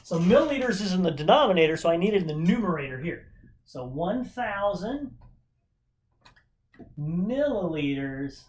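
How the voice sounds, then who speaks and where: Here a man gives a casual, upbeat chemistry lesson in a high-pitched, very animated voice that's a little mellow. His pace is moderate with long pauses, and he keeps tossing out rhetorical questions in this informal recording.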